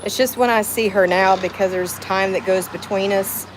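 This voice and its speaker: A middle-aged woman with a Southern US accent hosts a casual outdoor livestream chat from home, greeting viewers by name as she rambles emotionally. Her voice is medium-pitched and steady, at a moderate pace, over a noisy background.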